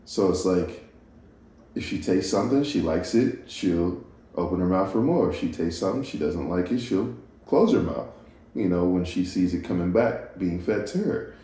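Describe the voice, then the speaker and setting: Guy rambling on his podcast, low mellow voice, super echoey room. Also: expressive, moderate pace. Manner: rambling, self-interrupting, laughs at himself. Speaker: podcast host. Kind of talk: casual solo podcast musing.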